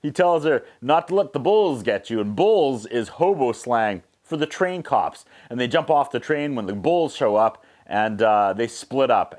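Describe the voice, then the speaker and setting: A man recapping a movie's plot with sarcastic asides, briefly acting out the characters in quick voices. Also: mid-range voice. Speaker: movie reviewer.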